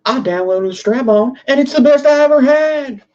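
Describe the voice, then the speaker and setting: A man's voice: very high-pitched, animated, normal speed, a little mellow, highs cut off, voice pushed up. A man voicing a boastful redneck man in a put-on rural drawl.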